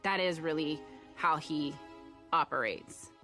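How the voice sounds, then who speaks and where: A woman's voice: sits low, slow pace, sharp tone, faint music behind. A woman in her thirties or forties, a former personal chef, recounting her experience earnestly in a documentary interview. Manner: earnest, vivid storytelling with acted-out quotes. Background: clear documentary score.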